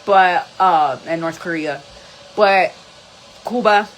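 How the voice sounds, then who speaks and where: A woman's voice: on the low side, takes it slowly, slight background noise, poor audio. Blunt woman reading tarot. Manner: blunt and profane, mixing English and Spanish. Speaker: tarot reader. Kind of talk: live-streamed tarot reading.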